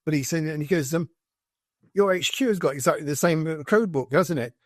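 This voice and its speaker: A man's voice: a little high, brisk, no echo, clean studio sound. British man telling army stories. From Britain. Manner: animated anecdotes with quoted dialogue. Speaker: podcast guest, former soldier. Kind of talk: conversational storytelling.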